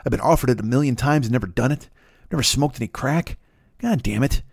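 Podcast host, male, profane rambling monologue, mid-pitched, breaks into songs and bits. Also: fast, creaky, breathy edge, dry recording, clean studio sound. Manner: profane, rambling, bursts into singing and put-on voices. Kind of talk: crude comedic monologue.

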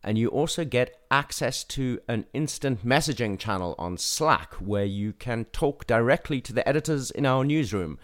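A man's voice: medium pitch, animated, moderate pace, few pauses, fairly bright tone. A man with a South African accent, co-hosting a podcast in casual chat with dry, laid-back humor. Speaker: podcast co-host.

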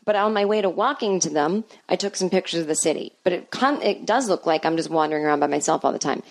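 A woman's voice: on the low side, fast talker, gravelly. A woman in her forties hosting a podcast, telling a rambling, self-deprecating comedic story in a chatty way. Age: 40s. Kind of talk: casual comedic monologue.

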